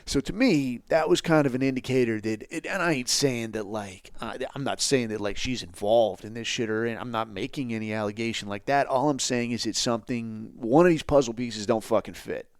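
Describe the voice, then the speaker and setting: A man's voice: medium pitch, a little fast, hardly any pauses, no room sound, clean studio sound. A man hosting a podcast, ranting bluntly and sarcastically with constant swearing. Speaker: podcast host. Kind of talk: profane ranting commentary.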